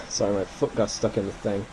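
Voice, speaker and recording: A man's voice: lowish voice, steady tone, fairly quick, warm tone, a little hiss or hum, poor audio. A man giving casual commentary while playing a flight simulator, thinking aloud and correcting himself as he goes.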